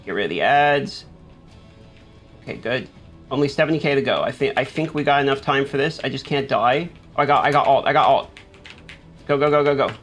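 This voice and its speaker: A man's voice: mid-range voice, a little fast, fairly bright tone, faint music behind. A man giving live commentary as he plays a game, talking himself through each move and urging himself on. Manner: talks himself through play, panics and urges himself on. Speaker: gaming YouTuber.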